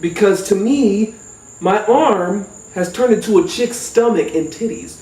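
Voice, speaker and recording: A man telling a comic personal story in an animated, profane, rambling way. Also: sits high, measured pace, distant mic. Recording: roomy echo, off-mic.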